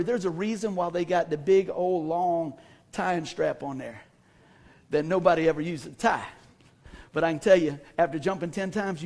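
A male pastor preaching to a congregation, telling a comic story he acts out and questioning the crowd, then reading scripture. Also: high-pitched. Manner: animated storyteller, acts out scenes and asks the congregation. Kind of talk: sermon with a comic personal story. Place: church hall before a congregation.

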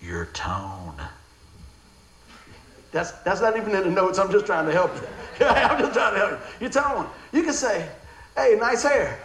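A middle-aged man delivers a sermon with animated storytelling and lots of laughter. His voice sits high and leaps around. The room is echoey, with a faint hum of background noise. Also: normal speed. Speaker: pastor.

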